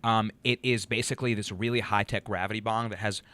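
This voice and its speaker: A young man co-hosting a casual radio-style chat show, relaxed and joking, with lots of fillers. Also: fairly low pitch, fast talker, dry recording. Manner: laid-back, joking, loose with fillers. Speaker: podcast co-host.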